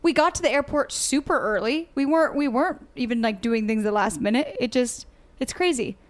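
High-voiced woman in chatty podcast talk. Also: expressive. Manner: chatty, quick agreeing "yeah"s, defends her side of the story. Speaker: podcast co-host. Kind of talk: casual chat.

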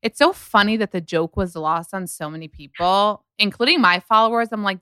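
A woman's voice: medium pitch, normal speed, pushed and bright, smooth, no room sound. A woman hosting a podcast, chatting casually and animatedly, telling stories with quoted asides. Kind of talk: casual gossip chat.

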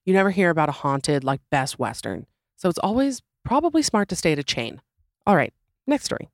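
A woman podcast host with a sore throat reads listener stories and wanders into joking, self-deprecating tangents. Her voice sits low for a woman and is recorded close and dry. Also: sing-song, fairly quick, no room sound. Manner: chatty, rambling asides and self-deprecating jokes. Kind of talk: casual podcast chat and story reading.

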